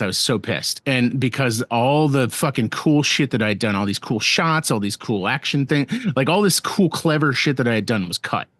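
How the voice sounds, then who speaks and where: A man guest on a podcast, telling a work story in a casual, animated and profane way, full of restarts, on a dry, close mic. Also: mid-range voice, no room sound.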